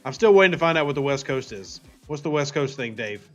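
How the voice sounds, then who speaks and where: A man's voice: a little high, lively intonation, fast talker, fairly bright tone, dull audio, faint music behind. Playful man hosting a game stream. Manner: reads out viewer chat and answers playfully. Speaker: livestream host. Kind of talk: casual gaming stream chat.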